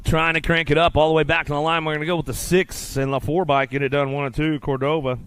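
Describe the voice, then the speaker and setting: A man calling live BMX races in rapid, rhythmic announcer patter at an outdoor track. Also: a little high, level tone, fairly bright tone, smooth, dry recording. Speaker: race announcer. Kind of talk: live BMX race commentary.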